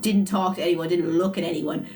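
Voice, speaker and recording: A woman's voice: on the low side, fairly even intonation, fairly quick, warm tone, a little hiss or hum. A young woman tells a story to her live chat on a phone. She talks casually and with animation, laughs often, and ends many sentences with "like". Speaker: livestreamer.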